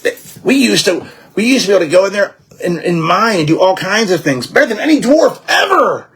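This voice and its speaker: A man's voice: a little high, lively intonation, slow pace, vocal fry, slightly rough, exaggerated voice. A man voicing a frightened, rambling informant from a ruined mining folk in a tabletop game. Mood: grim. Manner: agitated, half-shouted, rambling.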